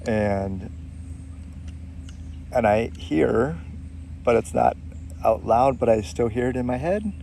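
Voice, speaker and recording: Guy with a really gravelly low voice, kinda mellow, telling a story slow and halting. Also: lively intonation, a little hiss or hum. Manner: halting, reflective, with frequent pauses. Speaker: storyteller sharing personal faith experiences. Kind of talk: casual spoken storytelling.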